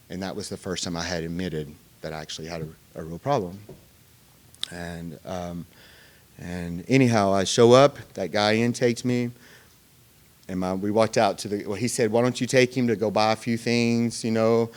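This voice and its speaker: A man's voice: fairly low pitch, a little mellow. A man telling his recovery story to a meeting in a loose, conversational way. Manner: conversational storytelling, many fillers and pauses. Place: meeting room.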